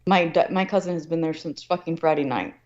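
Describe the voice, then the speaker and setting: Telling a family story casually, a woman with a deep, slightly fast voice gets heated and profane, acting out what other people said as she goes. The lo-fi audio sounds slightly dull.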